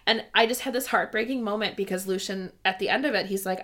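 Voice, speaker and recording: A woman's voice: medium pitch, fast, few pauses, fairly bright tone. Giggly, gushing woman chatting about books. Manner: gushing and giggly, heavy "like" fillers. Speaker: podcast co-host. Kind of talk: casual book discussion chat.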